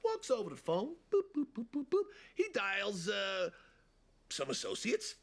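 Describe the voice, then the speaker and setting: Brash, animated New Jersey man. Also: high-pitched, measured pace. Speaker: relocated mobster telling children a story. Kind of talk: film comedy acting.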